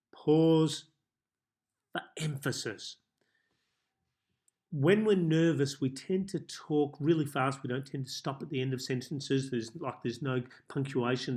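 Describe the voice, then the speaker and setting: A man coaching viewers in a self-help tips monologue, speaking calmly and measuredly with deliberate pauses. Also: medium pitch. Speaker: life coach.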